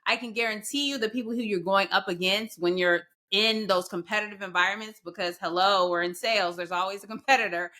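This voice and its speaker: A woman's voice: medium pitch, a little fast, hardly any pauses, bright, forceful tone. A woman hosting a podcast interview, asking questions and sharing advice in an earnest, affirming way, with long run-on thoughts. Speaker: podcast host.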